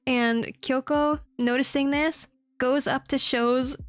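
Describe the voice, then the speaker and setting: A woman's voice: sits high, fairly even intonation, takes it slowly, no room sound. A woman streamer chatting casually and recapping a manga, giggling often and swearing freely.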